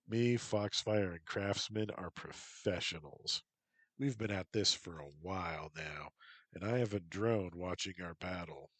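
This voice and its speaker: A man's voice: sits low, slightly rough, no room sound. A man voicing a cocky young male supervillain thief who mocks his foe. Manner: taunting, mocking.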